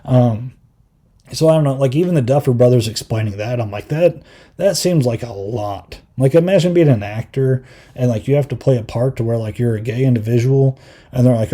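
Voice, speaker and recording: A man's voice: medium pitch, brisk, mellow. A young man hosting a podcast, chatting casually and rambling with lots of fillers while acting out quotes. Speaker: podcast host. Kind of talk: casual review chat.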